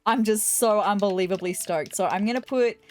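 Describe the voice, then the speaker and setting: A woman giving casual let's-play commentary, excitable and gushing, with apologetic asides. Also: mid-range voice, normal speed, soft background music. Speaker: gaming video host.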